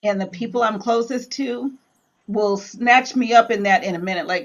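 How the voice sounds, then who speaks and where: A woman co-hosting a casual Bible study chat, telling lively stories and acting out quoted lines in different voices. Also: a little high, normal speed, highs cut off. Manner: animated storyteller, acts out quotes in voices.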